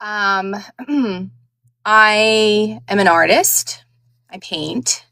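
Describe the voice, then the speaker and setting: A woman's voice: mid-range voice, drawn-out words, creaky, sharp tone, no echo, studio quality. A woman with a New York accent, a guest narrator chatting frankly and casually, filling her talk with "like" and "um.". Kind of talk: casual chat.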